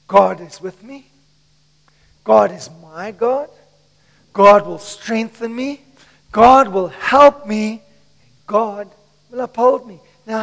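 A male pastor preaching a sermon to his church, swinging between shouts and hushed asides, his voice strained from shouting. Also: extremely high pitch, creaky, big-room sound. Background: congregation.

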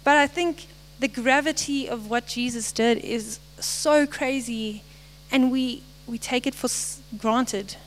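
A woman's voice: fairly high pitch, a little hiss or hum, low-quality recording. Earnest young woman giving a devotional. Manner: earnest, halting, apologetic. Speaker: lay speaker. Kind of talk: short devotional message.

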